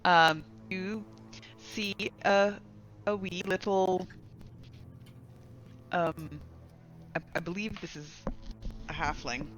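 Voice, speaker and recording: A woman narrating as dungeon master in a casual, halting way, with faint music behind. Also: on the low side, fairly even intonation, fairly bright tone. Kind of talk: narrating a tabletop game.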